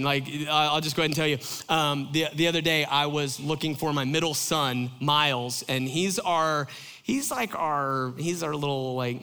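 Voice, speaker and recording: A man preaching a sermon, telling stories in an animated, chatty way full of fillers. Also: on the high side, smooth. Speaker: pastor. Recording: long hall reverb.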